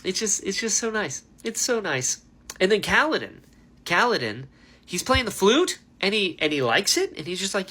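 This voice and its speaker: A man giving a casual, animated book reaction, ranting with lots of fillers. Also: high voice, unhurried. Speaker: book reviewer.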